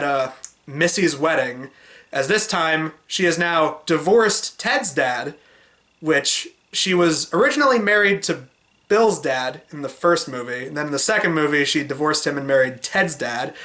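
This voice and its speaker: A young man talking casually and at length in a movie review vlog, rambling and sometimes mimicking cynical voices in a high pitch. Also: pushed and bright. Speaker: movie vlogger.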